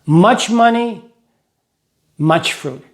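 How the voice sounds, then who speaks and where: High-voiced man teaching grammar. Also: lively intonation. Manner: explains slowly with examples and rhymes. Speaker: English teacher for Russian speakers. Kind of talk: scripted lesson narration.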